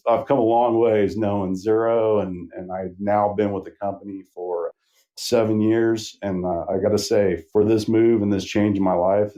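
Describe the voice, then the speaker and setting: A man's voice: lowish voice, mellow, muffled recording. A middle-aged man from Northern California, a sales rep guest on a podcast, chatting casually and telling a rambling story with plenty of fillers.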